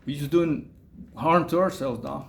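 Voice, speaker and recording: A man tells a story in loose, rambling vlog style, leaning on slang and fillers. His voice sits a little high and has a gravelly edge. A faint hiss runs under the recording. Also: unhurried. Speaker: vlogger telling prison stories. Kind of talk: casual storytelling monologue.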